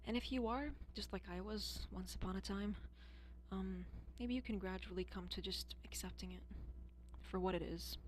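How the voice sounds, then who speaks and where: An American woman talks off the cuff as a streamer, blunt and freely profane, drifting from thought to thought. Her voice sits in a middle pitch, with a faint hum in the background. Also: moderate pace. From United States. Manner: blunt and profane, rambling and musing aloud. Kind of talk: casual chat.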